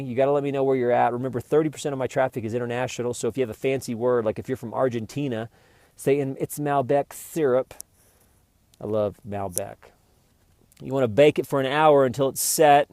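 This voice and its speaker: A man's voice: mid-range voice, quick pace, a little mellow, no room sound. A man hosting his own vlog, talking in a rambling, jokey, meandering way. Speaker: vlogger.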